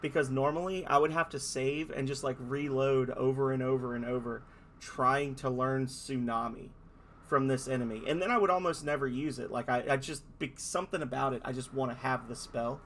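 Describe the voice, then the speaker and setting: A man's voice: mid-range voice, steady tone, a little fast, a bit bright, a little hiss or hum. A man giving casual, rambling commentary while playing a game, hesitant with many restarts. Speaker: gamer playing a game on stream.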